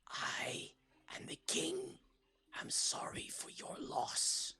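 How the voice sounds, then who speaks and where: A man doing a gasping, whispering fish-woman leader. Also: slow. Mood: somber. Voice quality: breathy whisper broken by sharp gasps. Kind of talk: whispered role-play.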